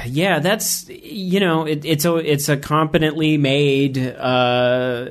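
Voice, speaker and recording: A man co-hosting a casual podcast, giving blunt opinions on a film and retelling scenes with lively acted-out quotes. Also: fairly high pitch, slow pace. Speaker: podcast co-host. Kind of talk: casual film review chat.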